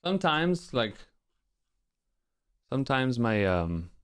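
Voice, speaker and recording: This man's medium-pitched voice is smooth and very animated, though he takes it slowly, as he streams a speedrun with live commentary. He curses at the game and talks himself through his errors in frustration, with music in the background.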